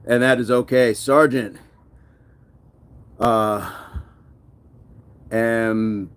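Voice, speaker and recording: A man's voice: mid-range voice, fairly even intonation, takes it slowly, clear, resonant tone. A man hosting a casual fitness livestream, reading viewer comments aloud between push-ups and laughing often. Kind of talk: casual live-stream chat.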